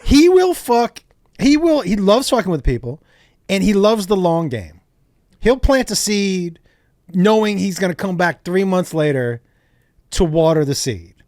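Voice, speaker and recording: A comedian guest tells stories with a fairly high voice that swings widely in pitch. He talks loosely and swears freely. The sound is dry and close to the mic. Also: measured pace, no echo. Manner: lively, profane storyteller. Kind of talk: casual storytelling chat.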